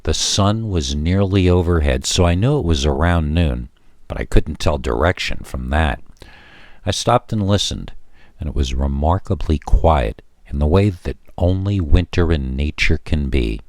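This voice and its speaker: A man with a very deep voice narrates a first-person scary story in a measured, steady way. The sound is dry and close, with no room around it. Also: no echo.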